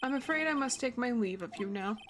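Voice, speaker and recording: A woman's voice: on the high side, animated, a little fast, a bit bright, faint music behind. A woman voicing a polite, evasive male family butler in formal, stiff speech.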